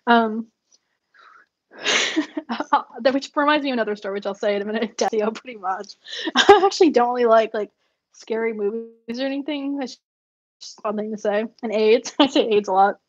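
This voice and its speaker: Casting: rambling, laugh-prone woman vlogger, higher voice, dull lo-fi sound. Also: normal speed, pauses often, no echo. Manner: rambling, laughs often, many fillers. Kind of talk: casual storytelling while journaling. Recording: dull dry lo-fi recording.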